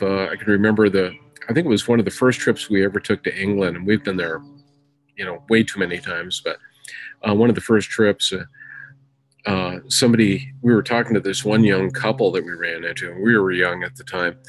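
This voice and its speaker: A man's voice: low voice, steady tone, brisk, poor audio. A middle-aged American man co-hosting a casual chat show, telling rambling stories full of fillers. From United States. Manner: rambling, filler-heavy storytelling. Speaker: co-host.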